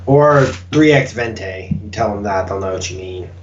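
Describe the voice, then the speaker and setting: A man's voice: lowish voice, animated, moderate pace. A man chatting casually as co-host, laid-back and brief in his replies. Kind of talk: casual chat. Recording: slightly dull mic with faint hiss.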